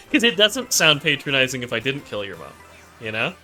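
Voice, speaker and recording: Bright-voiced rambling man. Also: medium pitch. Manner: rambling, absurd hypotheticals, laughs often. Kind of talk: casual comedic chat.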